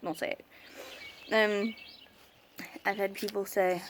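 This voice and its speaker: A woman's voice: medium pitch, level tone, takes it slowly, a little hiss or hum. A young woman venting in a casual vlog about remarks made to her as an autism parent, emphatic and exasperated, sometimes mimicking other people.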